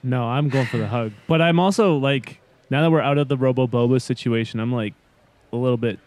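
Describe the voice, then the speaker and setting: A man's voice: mid-range voice, fairly quick, a little mellow, no echo. A man playing a tabletop game, teasing and arguing. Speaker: player.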